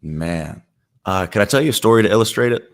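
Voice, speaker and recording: A man with a low voice appears as a guest on a live stream. He tells a story in a lively way and acts out the characters' lines as he goes. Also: fairly quick.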